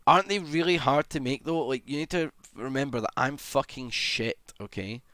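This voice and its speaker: A man's voice: medium pitch, normal speed, sharp tone, dry recording. A young adult man livestreaming and chatting casually, rambling and self-deprecating, swearing often and humming idly between thoughts. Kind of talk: casual live-stream chat.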